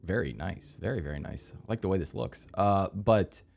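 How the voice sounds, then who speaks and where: Male co-host, very deep voice, loose and joking delivery. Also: animated, moderate pace, gravelly, soft background music. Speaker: podcast co-host. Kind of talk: casual film chat.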